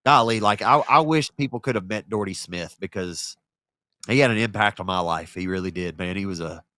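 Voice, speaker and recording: A man's voice: deep voice, fairly quick, pushed and bright, dry recording. A man co-hosting a podcast in casual chat, emotional and close to tears, heartfelt and stumbling over his words. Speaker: podcast co-host and race announcer.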